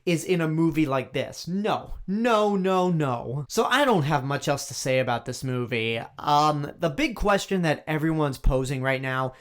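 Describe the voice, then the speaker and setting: A fairly high-voiced man talks straight into the mic through a movie review. He is blunt and plainly exasperated, and he hammers his points home by repeating them. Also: lively intonation, normal speed, few pauses, fairly bright tone. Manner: blunt and exasperated, emphatic repetition. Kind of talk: opinionated film review monologue.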